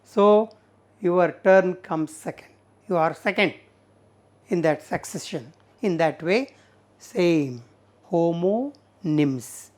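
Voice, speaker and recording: A woman with an Indian English accent teaching an English lesson, explaining slowly with many fillers and repeated words. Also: fairly low pitch, expressive, darkish tone. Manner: slow, repetitive explaining with frequent fillers. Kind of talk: recorded classroom lesson.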